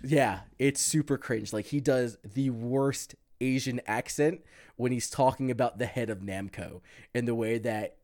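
Man, podcast co-host, casual chat, profane, rambling, mid pitch. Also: unhurried. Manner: animated, profane, rambling with fillers.

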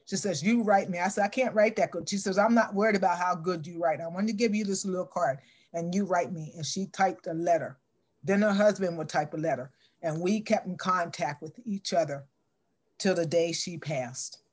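A middle-aged woman telling a story in an interview, acting out the dialogue with lively shifts in voice. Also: fairly low pitch, normal speed.

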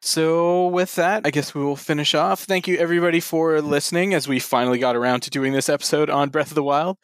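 A man's voice: fairly high pitch, steady tone, fast, smooth, no echo, studio quality. A young man hosting a casual podcast, easygoing and laughing often as he runs the segments. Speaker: podcast host.

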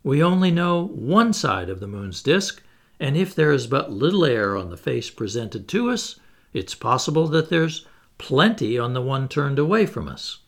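A man voicing a confident, witty male adventurer who calmly answers every objection. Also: mid-range voice, moderate pace. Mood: assured. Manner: cheerful, assured, explanatory.

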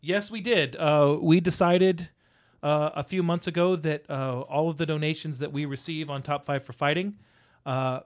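A middle-aged man chatting on a podcast in a loose, rambling way, circling back and restarting his sentences. His voice sits a little high for a man, and the recording is dry and close with no room sound. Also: no echo. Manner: rambling, with many restarts and fillers. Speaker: podcast co-host. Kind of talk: casual podcast chat.

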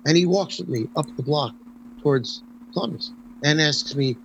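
Older male guest, slightly high voice, animated anecdote full of restarts, faint background hiss. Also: moderate pace, vocal fry, highs cut off. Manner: lively storyteller with frequent restarts and ums. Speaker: interview guest, former stage performer. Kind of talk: storytelling anecdote in conversation.

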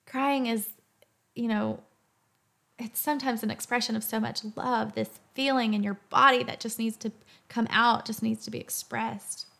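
A woman with a fairly high voice gives a heartfelt faith talk as host. She is earnest and emotional, reflecting aloud in a soft, gentle way, like she's telling a story to kids. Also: fairly even intonation, moderate pace, creaky. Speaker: podcast host.

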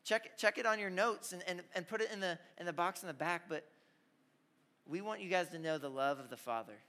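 A young man preaching a youth sermon, telling stories with lively asides and calling out to the audience. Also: high-pitched, brisk. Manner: energetic storytelling with audience call-outs. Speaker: youth pastor. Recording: hall reverb.

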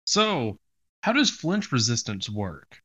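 Lively bright man asking the questions. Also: mid-range voice, takes it slowly. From Southern US. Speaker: podcast co-host asking the questions. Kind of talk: casual podcast chat.

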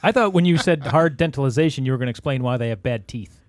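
Fast-talking wisecracking man. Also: mid-range voice, dry recording. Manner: dry wisecracking one-liners. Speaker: podcast co-host. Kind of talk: casual podcast chat.

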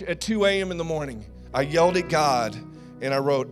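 Animated preacher telling stories. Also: male voice, a little high, a little fast, faint music behind. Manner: storytelling, animated and conversational, addressing the congregation as "guys". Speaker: pastor. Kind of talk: sermon.

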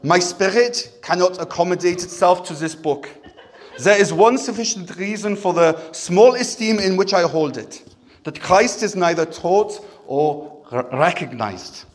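A man's voice: sits high, measured pace. A man doing a German accent to voice a stern old male church reformer in a sermon. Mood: solemn. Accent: German, put on.

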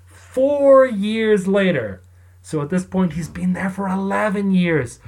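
A storyteller narrator with an ordinary, slightly mellow mid-range voice speaks slowly with lively intonation. The delivery is wry and chatty, loose and conversational, and packed with asides to the listener.

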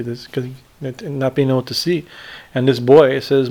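A man teaching scripture in a spiritual discourse, retelling a story with many pauses and fillers and checking in with "right?". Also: medium pitch, gravelly, a little mellow. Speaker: swami teacher.

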